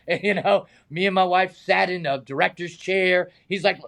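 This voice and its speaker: Gravelly-voiced man telling stunt stories. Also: high-pitched, normal speed, few pauses. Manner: animated anecdotes, acts out quoted voices, laughs often. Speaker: stunt man and high diver, guest. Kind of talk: casual storytelling interview.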